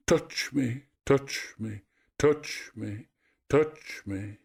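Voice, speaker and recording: A man's voice: mid-range voice, very slow, vocal fry, husky, voice pushed up, exaggerated voice. A man voicing a lovestruck female nymph who can only repeat others' last words in desperate, fading cries. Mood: sobbing.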